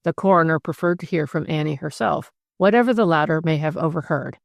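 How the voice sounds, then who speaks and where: A woman narrating a classic mystery audiobook in a measured reading. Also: low voice, gravelly, no room sound, studio quality. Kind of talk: scripted narration.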